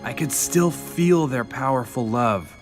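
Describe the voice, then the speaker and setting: An earnest young man, voiced by an actor in an animated film, telling a legend in a hushed, respectful tone. A film score plays clearly beneath his lines. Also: medium pitch, unhurried, faint music behind, natural voice. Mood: reverent.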